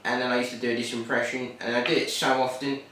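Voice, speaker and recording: A man's voice: mid-range voice, level tone, quick pace, bright, forceful tone, a little hiss or hum. A young man with a Cockney accent, a student answering interview questions in a rambling way, full of "sort of" and "like". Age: young adult. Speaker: TV production student. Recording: very echoey room, distant mic.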